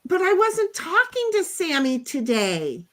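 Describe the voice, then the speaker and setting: A woman with a high voice hosts a relaxed home livestream. She rambles animatedly from one story to the next, reads chat comments aloud and laughs easily. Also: measured pace. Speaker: livestream host. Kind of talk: casual chat reading out chat comments. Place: home, speaking over a headset.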